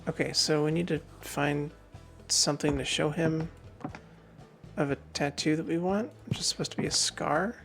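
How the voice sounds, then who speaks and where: A man's voice: a little high, fairly even intonation, normal speed, creaky, fairly bright tone, faint music behind. A man hosting a gaming channel, playfully reading game dialogue aloud and commenting as he plays.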